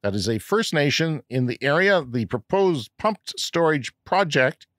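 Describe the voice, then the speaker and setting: A man's voice: on the high side, big pitch swings, measured pace, a bit bright, dry recording, studio quality. A Canadian man co-hosting a podcast, reading news and letters in a wry, joking manner. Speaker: podcast co-host. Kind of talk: casual podcast chat.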